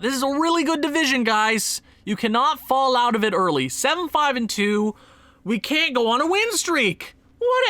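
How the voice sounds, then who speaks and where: Exasperated young man with a lively voice. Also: no echo. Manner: exasperated, talks to himself, swings from muttering to high outbursts. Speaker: gaming channel host. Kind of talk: gameplay commentary.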